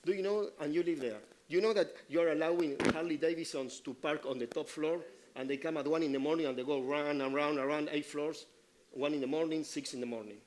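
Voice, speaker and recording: A man giving public comment at a city meeting, halting and repeating himself while pressing his complaints. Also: a little high, fairly even intonation, a little mellow.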